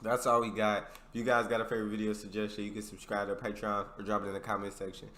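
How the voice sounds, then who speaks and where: A man hosting a reaction video, making brief, relaxed remarks in a casual way. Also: on the low side, fast talker, roomy sound, slight background noise.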